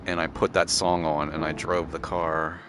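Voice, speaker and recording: A man's voice: extremely low pitch, level tone, normal speed, noisy background. A man casually thinking aloud and rambling while playing a driving game. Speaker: gaming channel host. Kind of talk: casual gameplay commentary.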